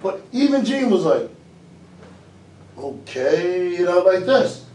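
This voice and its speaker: Animated man in an echoey room. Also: high-pitched, moderate pace. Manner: animated storyteller, acts out reactions. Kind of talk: casual chat. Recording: echoey room, far from mic, faint noise.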